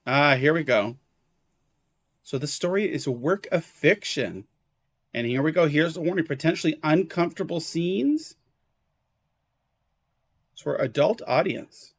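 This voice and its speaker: A man's voice: on the high side, lively intonation, unhurried, pauses often, no room sound. A man live-streaming a video game, chatting casually with viewers, exclaiming at the graphics and apologizing for hiccups.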